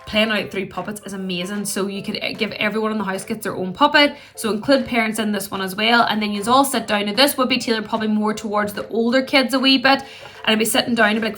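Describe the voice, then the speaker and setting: Play therapist, female, 30s, chatty, bright crisp voice, faint music underneath. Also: medium pitch. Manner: chatty, acts out gentle puppet voices. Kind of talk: instructional talk to camera.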